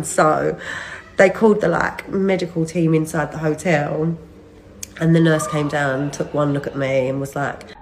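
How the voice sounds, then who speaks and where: A woman's voice: low-pitched, normal speed, low-quality recording. A woman in her thirties chatting to her followers on a phone video, rambling and laughing mid-sentence, worn out from a recent illness. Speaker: vlogger updating followers. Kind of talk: casual chat to camera.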